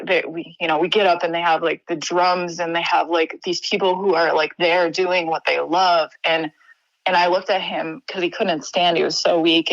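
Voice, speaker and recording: A young adult woman from Wisconsin, a podcast guest telling a personal story in an earnest, halting way with many restarts. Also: lowish voice, a bit bright, no room sound, lo-fi sound.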